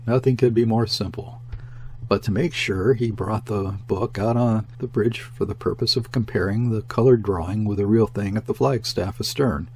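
A man narrating a classic sea novel in a measured, even reading voice. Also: lowish voice. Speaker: audiobook narrator.

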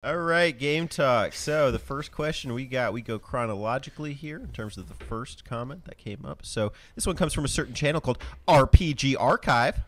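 A man's voice: medium pitch, moderate pace, hardly any pauses, fairly bright tone. A man co-hosting a casual gaming podcast, reading out listener questions with joking asides and frequent laughter. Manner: laughs often, reads questions out with jokey asides. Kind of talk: casual chat.

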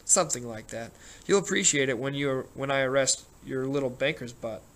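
A man reads as a wry banker who keeps needling his companions with dry sarcasm. The voice sits at an ordinary pitch, in an audiobook read. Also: fairly quick, a bit bright, close to an everyday voice. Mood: dry teasing. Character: wry, teasing male banker in his prime.

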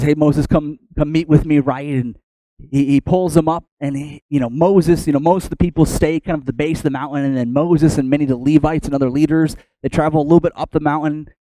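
Male pastor, animated storyteller, mellow tone, dry close sound. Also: on the high side, dry recording, poor audio. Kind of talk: sermon.

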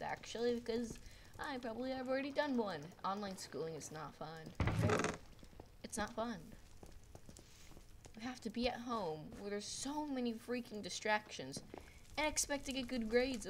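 A teenage girl at home giving rambling, excitable commentary over her gameplay on a desktop mic, full of "like" fillers. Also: on the high side, background noise. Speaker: gaming video creator. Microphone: desktop microphone.

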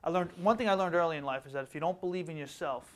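A middle-aged man from Long Island, an author and educator, telling stories in a quick, animated way as a guest in a casual interview. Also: fairly high pitch, a loud crowd. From Long Island, New York. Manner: fast, animated storytelling.

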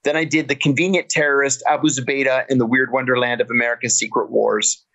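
A middle-aged man, a podcast guest and author, telling stories in a casual interview with animated delivery and frequent restarts. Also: mid-range voice, fast talker.

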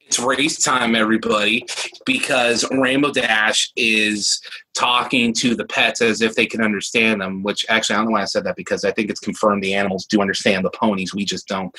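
A man's voice: fairly low pitch, level tone, brisk, bright, forceful tone, slightly rough, poor audio. A man co-hosting a casual review chat, riffing and joking on tangents. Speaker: co-host reviewing a cartoon episode.

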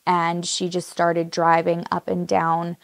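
A woman's voice: fairly low pitch, completely flat delivery, takes it slowly, no echo. A woman hosting a true crime show, telling the story in a casual, conversational way full of fillers. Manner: conversational, many "like" and "just" fillers.

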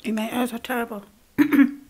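A young woman with a Geordie accent chats over a meal, laughing often and talking between bites. Her voice sits a little higher than most. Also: steady tone, normal speed, darkish tone. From Newcastle, England. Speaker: eating-show vlogger. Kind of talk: casual chat while eating.

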